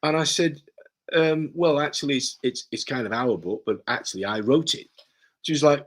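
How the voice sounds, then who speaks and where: Man, guest author, lively storyteller with a fairly high voice. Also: a little fast. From Yorkshire, England. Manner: animated storyteller, acts out dialogue. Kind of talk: casual conversation.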